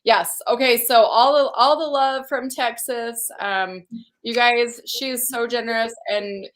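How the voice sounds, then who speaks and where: A woman's voice: a little high, steady tone, unhurried, fairly bright tone. A woman hosting a livestream conference, chatting casually and effusively while reading out viewer comments. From Utah. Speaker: conference host.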